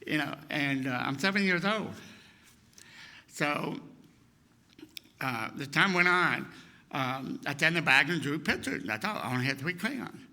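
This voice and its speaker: A man in his sixties telling funny stories from the pulpit, slightly high voice with a very forceful, sharp edge, acts out the people he quotes as he goes. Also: a little slow, creaky, long pauses. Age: 60s. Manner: lively storyteller who acts out the people he quotes. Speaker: guest speaker. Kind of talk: humorous personal storytelling sermon.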